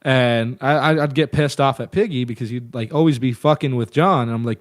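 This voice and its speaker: A man's voice: mid-range voice, brisk, dry recording. Profane storytelling man, dry close sound. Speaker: guest musician. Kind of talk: casual storytelling interview.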